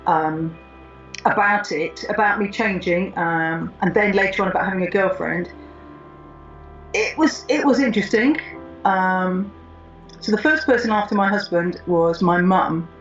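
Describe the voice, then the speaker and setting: A woman in her fifties telling her own story in an interview, reflective and thoughtful with frequent pauses. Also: mid-range voice. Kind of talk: personal storytelling. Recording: slightly muffled with soft music.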